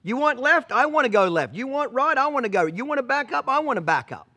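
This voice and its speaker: A man's voice: extremely high pitch, big pitch swings, bright, forceful tone, pitched above the performer's own voice, exaggerated voice. A man voicing a formerly stubborn mare that now answers every command eagerly. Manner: eager, quick yes-sir replies. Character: stubborn black mare turned eager, female horse.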